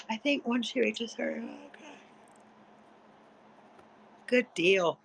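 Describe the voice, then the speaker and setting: Woman, gravelly voice, sleepy, rambling livestream chat, faint room hum. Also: on the high side, slow, long pauses, low-quality recording. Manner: chatty, rambling, salty and profane. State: sleepy, yawning. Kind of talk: casual late-night livestream chat.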